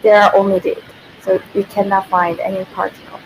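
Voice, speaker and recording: A woman's voice: medium pitch, flat delivery, normal speed, slight background noise, poor audio. A woman, a native Korean speaker, giving a casual livestream language lesson who thinks aloud, corrects herself and laughs often.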